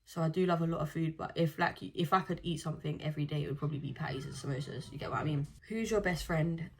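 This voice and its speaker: A woman's voice: sits low, fast talker, a little hiss or hum. A woman, chatting casually as a vlogger and telling stories with slang. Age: 20s. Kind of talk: casual chat.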